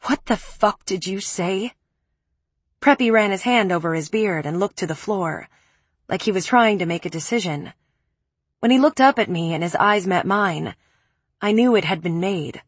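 A woman's voice: lowish voice, normal speed, slightly rough, no echo. A woman reading first-person audiobook narration with intense, emotional storytelling.

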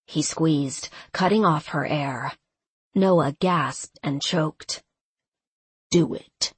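Low, husky-voiced woman narrating a story. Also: no room sound. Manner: measured, steady storytelling. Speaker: audiobook narrator. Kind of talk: scripted narration.

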